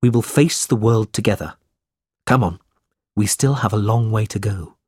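A man voicing an earnest, kind young man who speaks gently, in a storybook reading. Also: on the low side, moderate pace, breathy edge, dry recording, studio quality.

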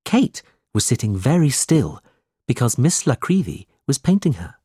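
A man narrating an audiobook in a slow, measured reading style. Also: medium pitch, big pitch swings, mellow, slightly rough, no echo, studio quality.

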